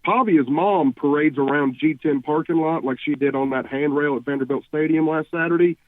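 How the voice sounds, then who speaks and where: A man calling in to a sports radio show, chatty and joking, halting with fillers. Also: on the high side, no echo. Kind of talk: joking call-in chat. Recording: tinny phone line.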